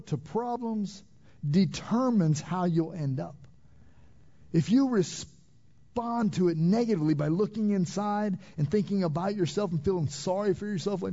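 A man's voice: sits high, dark tone, lo-fi sound. A man preaching a sermon as pastor, emphatic, repeating phrases and asking the congregation questions. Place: church sanctuary.

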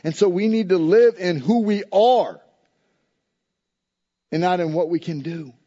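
A pastor preaching a sermon in an emphatic, repetitive cadence. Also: male voice, high-pitched, measured pace, mellow, highs cut off.

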